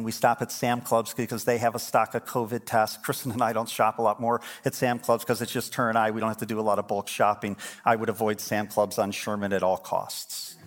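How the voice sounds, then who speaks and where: A middle-aged man preaching a sermon as pastor, telling stories and building to emphatic, fervent points. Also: lowish voice. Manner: storytelling, swings from quiet to emphatic.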